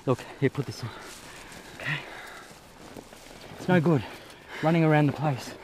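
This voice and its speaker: An actor playing a bossy, volatile male maniac who swings from barking to hushed soothing, recorded outdoors with noticeable background noise. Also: a little high, moderate pace, natural voice. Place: outdoors in a park.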